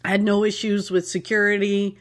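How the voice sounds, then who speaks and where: A woman's voice: mid-range voice, little pitch movement, fairly quick. A woman from Canada co-hosting a podcast, chatting casually, rambling and correcting herself with giggles. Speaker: podcast co-host. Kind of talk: casual chat.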